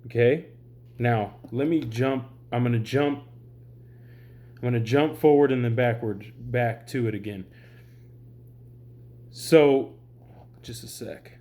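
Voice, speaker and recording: A man's voice: medium pitch, slow, pauses often, mellow. An exhausted, sleep-deprived man ranting in a rambling, exasperated way to his viewers, swearing often. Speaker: online commentator. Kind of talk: heated vlog rant.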